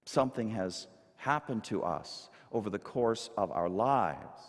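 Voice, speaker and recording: A man preaching a sermon, his pitch rising and falling in a lively, emphatic way as he asks the congregation rhetorical questions. His voice rings out with a long reverb from the church hall. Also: measured pace. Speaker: minister. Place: church sanctuary.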